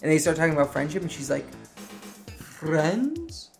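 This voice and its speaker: A young woman hosting a casual comedy podcast, talking in a profane, sarcastic and animated way. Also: sits low, rapid-fire, vocal fry, soft background music. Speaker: podcast host.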